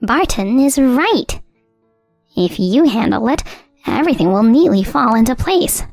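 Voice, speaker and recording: A cold, scornful mother-in-law, put on by a woman narrator. Her voice rides high and she talks down to people in a bossy, dismissive way. The sound is dry and close, with soft music underneath. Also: sing-song, a little slow, no echo, exaggerated voice.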